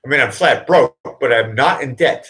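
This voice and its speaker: In a mid-range voice with a sharp tone, a middle-aged man runs a laid-back live stream at normal speed. He wanders from thought to thought, interrupting himself, and chuckles at his own jokes as he talks with viewers.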